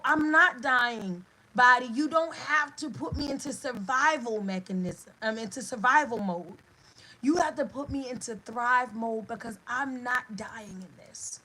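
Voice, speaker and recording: A woman giving a motivational talk with a bright, forceful edge to her voice. She takes her time, stacking short phrases one after another. Her voice sits a little high for a woman. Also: husky, rough recording. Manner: emphatic and repetitive, building phrases in lists. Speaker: host of an inspirational show; birth coach for expectant mothers.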